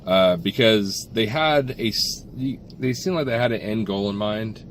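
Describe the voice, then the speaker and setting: A man's voice: on the low side, unhurried, a little hiss or hum. A man co-hosting a casual film review, talking in rambling bursts with many restarts and fillers.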